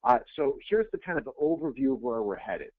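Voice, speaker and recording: A man, a real estate coach, giving an energetic, conversational webinar presentation and repeating phrases for emphasis. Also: medium pitch, a little fast, no echo. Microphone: webinar audio feed. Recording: tinny phone-like line, dry.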